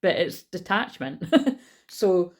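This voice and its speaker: A woman's voice: fairly low pitch, very animated, slow. A woman giving a casual tarot reading on her vlog, rambling and chatty, swearing casually and often losing her train of thought, recorded on a phone. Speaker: tarot reader.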